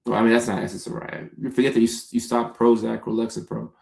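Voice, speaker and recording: A man hosting a casual livestream, answering viewers' comments by name in an unhurried, conversational way. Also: medium pitch, level tone, vocal fry, a little mellow, reverberant. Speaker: comedian and livestream host answering chat.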